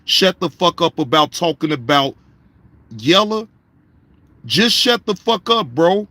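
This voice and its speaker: Casting: male streamer, slightly high voice, cursing freely, chatting to his viewers, close dry mic. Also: sing-song, unhurried, bright, forceful tone, no room sound. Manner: profane, repetitive, talks to chat viewers by name. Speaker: live-stream reaction host. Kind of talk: casual live-stream commentary.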